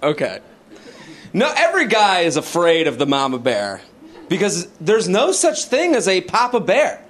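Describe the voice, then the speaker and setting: A man performing a stand-up comedy set, animated and shouting out the lines he mimics. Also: sits high, moderate pace. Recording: live club set with audience noise. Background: audience laughter.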